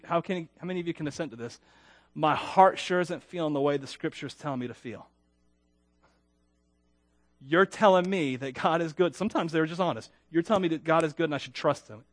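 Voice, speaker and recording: A high-pitched man preaches to his congregation in a chatty, self-deprecating way. He pushes certain words loud and lets others drop quiet, often turning to ask the people questions. The sound is dry and close, with no room echo. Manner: swings between loud emphatic peaks and quiet dropped endings. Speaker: pastor. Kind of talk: sermon.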